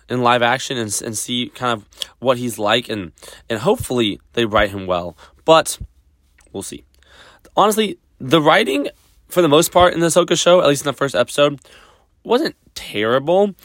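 A man's voice: mid-range voice, fairly bright tone, no echo, studio quality. A man talking casually as a podcast host, rambling with many fillers and restarts. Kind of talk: casual solo review talk.

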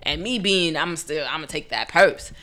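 A woman co-hosting a podcast in casual chat, loud and animated, laughing often. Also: low-pitched, moderate pace. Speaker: podcast co-host.

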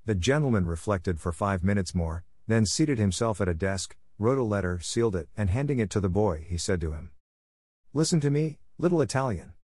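A man giving a steady, measured storybook narration. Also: deep voice, dry recording, studio quality. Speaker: audiobook narrator.

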